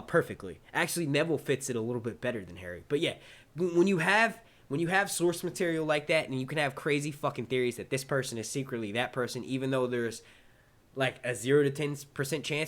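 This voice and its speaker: A man with a New York accent hosting a casual live-stream Q&A, answering chat questions in an excitable, rambling way and swearing casually. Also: medium pitch.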